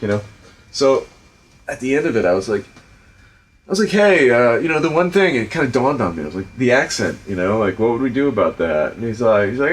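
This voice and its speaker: A middle-aged man with a Providence, Rhode Island accent, hosting a casual chat and telling stories about directing in an animated, profane way with lots of fillers. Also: medium pitch, fast. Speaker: podcast host and film director.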